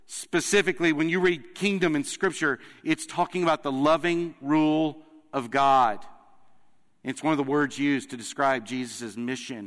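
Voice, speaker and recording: A man preaching from the pulpit, his slightly raised voice carrying through a big sanctuary with a long reverb tail. He speaks earnestly, leaning on pauses to drive each point home. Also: fairly high pitch, fairly bright tone. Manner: earnest storytelling with emphatic pauses. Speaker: pastor. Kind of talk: sermon. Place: church sanctuary. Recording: long reverb of a large hall.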